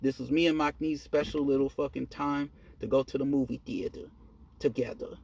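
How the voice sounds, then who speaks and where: A man telling a personal story in a casual monologue, profane and animated, laughing at himself. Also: medium pitch, moderate pace, creaky, husky. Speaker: storyteller vlogger.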